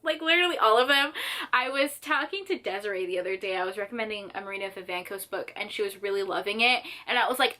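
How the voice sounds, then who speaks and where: A young woman chatting casually about her favorite books, gushing and animated, with lots of "like". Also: medium pitch, fast. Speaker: book vlogger. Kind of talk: casual chat.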